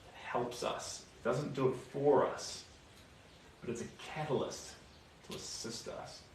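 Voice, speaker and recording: A young New Zealand man with a New Zealand accent paints on a live stream, chatting casually, answering viewer comments, and muttering to himself as he works. His medium-pitched, darkish voice is unhurried with fairly even intonation. The audio is noisy, from a distant mic in an echoey room.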